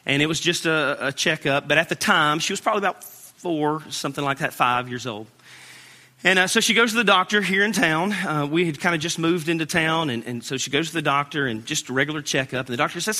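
A man's voice: a little high, lively intonation, fast, pushed and bright. A man preaching a sermon as pastor, earnest and storytelling, building to emphatic peaks. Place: church sanctuary. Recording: long reverb in a large hall.

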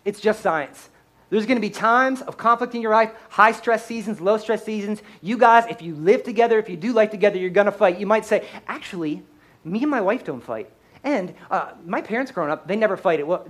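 A man who is a pastor, telling a comedic story in a sermon in a high-strung, animated way.

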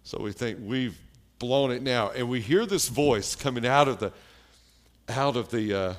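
A man preaching a sermon, telling a personal story in a slow, plain-spoken way with pauses and fillers. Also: mid-range voice, lively intonation.

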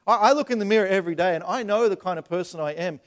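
Pastor, male, fairly high voice, animated sermon delivery that repeats words and acts out voices. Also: rapid-fire. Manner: acts out voices in retold scenes.

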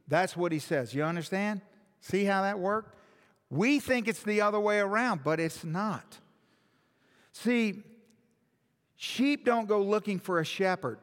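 A man's voice: high voice, measured pace, long pauses. A male pastor preaching a sermon in a church hall, emphatic and full of rhetorical questions, with long hall reverb.

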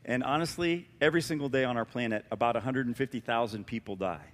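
A man preaching a sermon as pastor, animated and emphatic with a conversational touch, in a church. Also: mid-range voice, fast talker, in a large hall. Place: church sanctuary.

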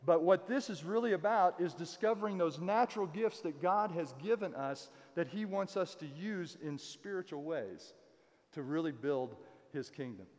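A man's voice: a little high, animated, normal speed, darkish tone, big-room sound. A man, a pastor, preaching a sermon in a casual, conversational way, often checking in with his congregation. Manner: conversational, frequent "okay?" check-ins. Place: church sanctuary.

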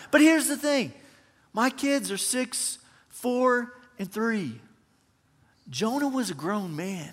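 A male pastor with a fairly high voice delivers a lively, joking sermon to his congregation. His telling is animated, rising and dropping in volume as he tells the story. The sound carries a long reverb from a large hall. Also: slow. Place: church auditorium.

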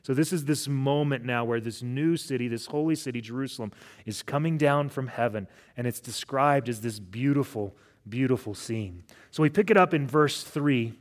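A man's voice: mid-range voice, moderate pace. Middle-aged male pastor, chatty sermon delivery, ordinary mid-range voice, thinks aloud mid-sentence. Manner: casual storytelling with frequent restarts. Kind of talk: conversational sermon.

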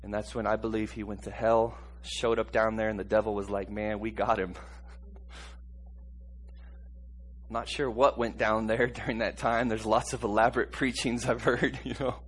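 With a slight hiss or hum in the background, a man gives a sermon showing little pitch variation, alternating hushed slowness with loud, high-pitched bursts. He often chuckles and asks his congregation to repeat after him.

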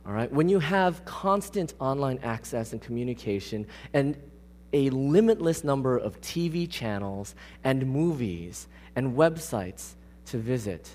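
A man's voice: medium pitch, lively intonation, unhurried, darkish tone, a little hiss or hum. A man preaching a conversational sermon. He speaks casually but with emphasis and often puts questions to the congregation. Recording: long reverb of a large hall.

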